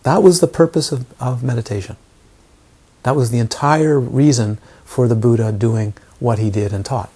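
Husky-voiced man giving a dharma talk. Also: mid-range voice, moderate pace, dark tone. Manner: repeated rhetorical questions to listeners. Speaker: meditation teacher.

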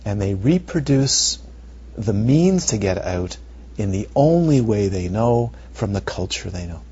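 A male meditation teacher giving a dharma talk, animated and rhetorical, sometimes dropping to near whispers, on a muffled recording. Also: lowish voice, unhurried, husky. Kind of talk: dharma talk to retreat students. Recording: muffled lo-fi recording with faint noise.

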